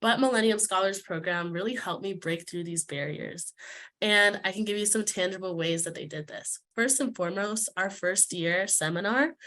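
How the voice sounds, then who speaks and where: A woman's voice: medium pitch, pushed and bright. A young woman giving a heartfelt, slightly emotional prepared talk as a student speaker. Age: young adult. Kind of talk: prepared speech.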